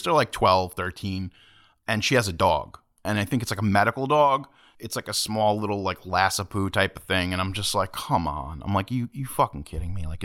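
A man hosting a podcast, telling a rambling story in casual chat, acting out quotes and swearing now and then. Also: on the low side. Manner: animated, swearing, acts out quotes. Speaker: podcast host.

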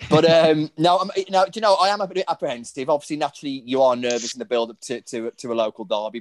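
A man co-hosts a casual football chat at a quick pace. He is animated and stumbling, repeating words as thoughts tumble out, on a dry close mic. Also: medium pitch, no echo. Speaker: podcast co-host.

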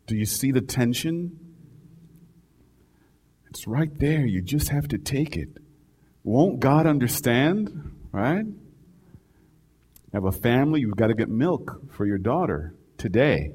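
A man's voice: medium pitch, big pitch swings, slow pace, long pauses, darkish tone, husky. A man preaching a sermon as a personal story, conversational and constantly checking in with "right?". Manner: conversational, keeps asking "right?".

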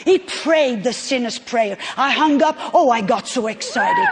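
A middle-aged woman preaches to a conference crowd, dropping to a hush and then rising to shouts. Her voice is very high and husky. A long reverb from the hall trails behind her words. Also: wildly swooping pitch, unhurried, hardly any pauses. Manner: emphatic storytelling, swings from hushed to shouting. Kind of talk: sermon.

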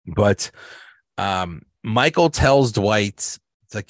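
A man, hosting a podcast and casually recapping sitcom episodes, halting often with fillers and restarts. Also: on the low side, a bit bright, no echo, studio quality. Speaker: podcast host.

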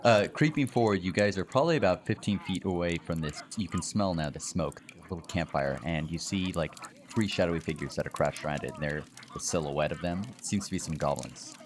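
Deep-voiced man running a tabletop game. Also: fairly quick. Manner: relaxed, descriptive, with fillers. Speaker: game master. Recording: faint background noise.

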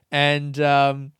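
A man's voice: fairly high pitch, fairly bright tone, clean tone, dry recording, clean studio sound. A young Australian man telling a rambling, self-mocking comic story with casual swearing.

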